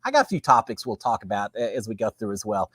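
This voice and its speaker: A man's voice: lowish voice, sing-song, fast talker, fairly bright tone, no room sound, clean studio sound. A man with a Texan accent hosting a casual live-stream chat, folksy and chatty, greeting viewers and reading their comments. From Texas. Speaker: livestream host. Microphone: webcam with green screen.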